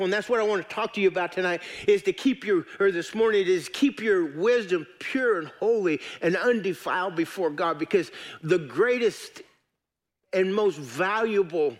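Folksy pastor, high voice. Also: male voice. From United States. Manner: folksy, joking, earnest. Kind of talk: sermon. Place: church.

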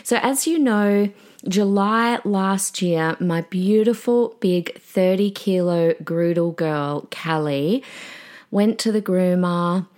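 A woman's voice: medium pitch, takes it slowly, darkish tone. A woman hosting a podcast on her own, chatting in a gushing way with lots of fillers and asides. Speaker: podcast host and preacher. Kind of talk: casual solo podcast chat.

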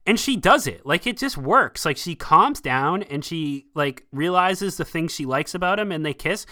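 Bright-voiced, enthusiastic male podcast host. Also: fairly high pitch, normal speed. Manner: animated and enthusiastic. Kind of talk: casual film review chat.

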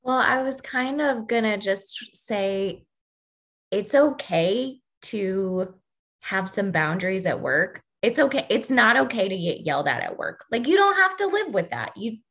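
A woman of average pitch speaks in a relaxed, conversational way about work. She leans hard on her key points, lifting her voice to stress them. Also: measured pace. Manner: emphatic, rising to stress points. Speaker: podcast co-host. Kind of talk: casual conversational discussion.

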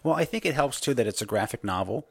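A man's voice: mid-range voice, animated, fast talker, vocal fry, breathy edge, dry recording. A man interviewing a writer in an easygoing, casual chat.

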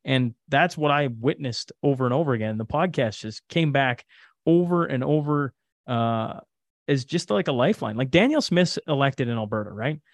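A man's voice: mid-range voice, lively intonation, moderate pace, no echo. Canadian guy, podcaster guest, rambly candid talk, dry close mic sound. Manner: candid, loose talk with many fillers. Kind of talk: casual conversational interview.

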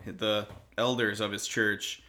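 Deadpan man with a bright voice. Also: fairly low pitch, takes it slowly. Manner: dry, deadpan quips while reading notes. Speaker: podcast co-host. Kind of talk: casual comedic chat.

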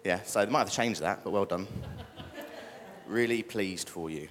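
A man's voice: deep voice, moderate pace, heavy background noise. A young British man preaching a casual sermon and joking with the congregation. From Britain. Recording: echoey church hall.

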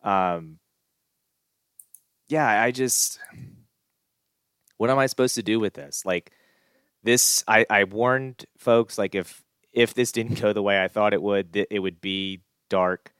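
A man vents on a casual sports podcast, his low, smooth voice sinking into gloomy, exasperated grumbling full of restarts. The sound is close and dry, with no room around it. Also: takes it slowly, pauses often, fairly bright tone, no echo. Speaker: podcast co-host.

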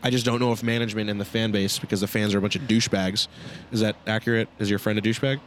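A man's voice: fairly low pitch, fairly even intonation, racing, fairly bright tone, a little hiss or hum. Dry, sarcastic man talking sports. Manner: dry, sarcastic, hesitant with many fillers. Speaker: podcast co-host. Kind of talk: casual sports chat.

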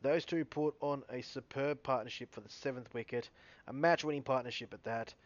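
Male cricket vlogger, mid-pitched, self-correcting stats recap, dull home mic. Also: fairly quick. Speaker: cricket video host. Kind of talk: casual solo cricket recap.

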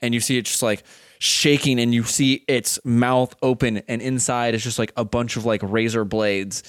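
A man narrating a tabletop game as game master, describing the action in halting bursts with many fillers. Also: mid-range voice, fairly even intonation, no echo, clean studio sound.

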